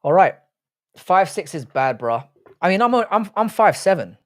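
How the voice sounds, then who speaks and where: A man's voice: high-pitched, sing-song, normal speed, a bit bright, dry recording, studio quality. A man hosting a live stream in casual chat, swearing freely and bantering with his viewers.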